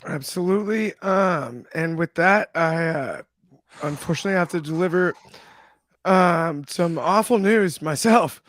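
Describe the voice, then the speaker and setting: Subdued man host, higher voice. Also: a bit bright, no echo, clean studio sound. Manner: subdued, halting with many fillers. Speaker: podcast host. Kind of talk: casual podcast talk.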